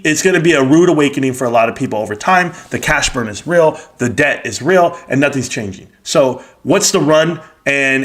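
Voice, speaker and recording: A man hosts a livestream with a slightly high voice, ranting hard and without a filter. His delivery is blunt and profane, and he argues straight at his listeners. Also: fairly bright tone. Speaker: livestream host.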